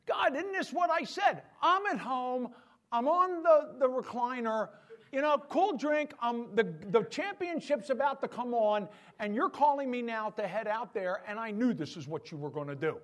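A preacher putting on a whiny selfish prophet. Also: male voice, sits high, sing-song, normal speed. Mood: whiny complaint. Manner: whiny, complaining. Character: whiny selfish grown male prophet complaining to God. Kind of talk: sermon.

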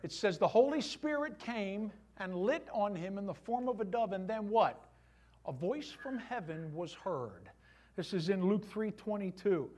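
A middle-aged male pastor preaching a sermon to his church, animated, with voiced asides. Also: high voice, measured pace.

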